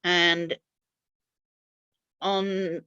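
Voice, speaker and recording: Slow, hesitant older woman recalling. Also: fairly low pitch, level tone, pushed and bright, clean tone, no echo, dull audio. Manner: hesitant, many fillers and repeated words. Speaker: interview guest recalling mission years. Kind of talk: unhurried reflective storytelling.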